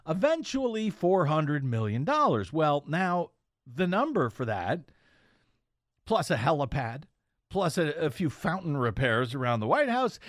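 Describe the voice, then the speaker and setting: A man's voice: a little high, dry recording, studio quality. A man hosting a political talk radio show, delivering a sardonic, pointed monologue. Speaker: radio host and investigative blogger.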